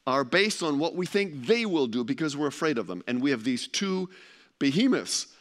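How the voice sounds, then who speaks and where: A man's voice: fairly high pitch, sing-song, normal speed. Rambling, joking male lecturer. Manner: chatty, joking, often searching for words with many restarts. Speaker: speaker giving a presentation. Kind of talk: informal lecture to a live audience.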